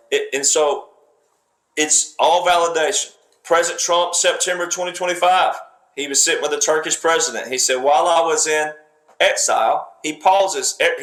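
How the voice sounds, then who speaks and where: With a slightly high, fairly bright voice, a man lectures on politics emphatically. He keeps repeating himself and speaks in fragments, in a room that echoes noticeably.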